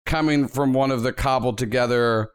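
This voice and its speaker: A man running a tabletop role-playing game, narrating in a loose, casual way and swearing freely. His voice is smooth and clear, at an ordinary pitch. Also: fairly even intonation, moderate pace. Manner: casual, loose, profane storytelling. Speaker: game master.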